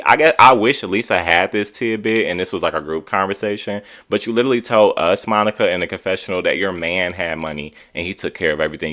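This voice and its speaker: Sassy guy recapping reality tv, real deep voice, sharp and punchy delivery. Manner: sassy, emphatic, exasperated. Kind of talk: casual commentary.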